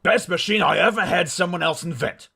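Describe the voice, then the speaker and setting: A man plays a loud, self-important Australian boss with a raised, gravelly, slightly husky voice. He booms through comic letters as if every word were a boast. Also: a little fast, exaggerated voice. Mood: blustering. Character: brash boastful Australian company boss, male, middle-aged. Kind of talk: comedic mail reading in character.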